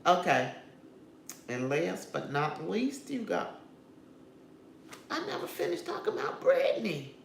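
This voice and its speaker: Woman vlogger, opinionated chatty commentary, gravelly tone, echoey room. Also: on the low side, wildly swooping pitch, unhurried, pauses often, a little hiss or hum. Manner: chatty, opinionated, talks straight to viewers. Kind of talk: casual commentary on celebrity news. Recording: roomy echo with faint ambience.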